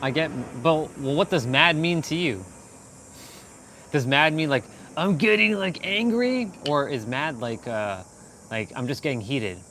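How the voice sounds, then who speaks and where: A man from Canada chatting casually on a live stream, rambling and animated, laughing often as he talks to viewers. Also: on the high side, measured pace, slight background noise.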